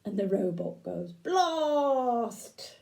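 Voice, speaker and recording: A woman's voice: on the high side, animated, measured pace, dark tone, rough recording. An older woman reading a picture book aloud to children, asking them questions and pointing at the pictures. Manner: interactive, asks listeners questions and points at pictures. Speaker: storyteller grandmother.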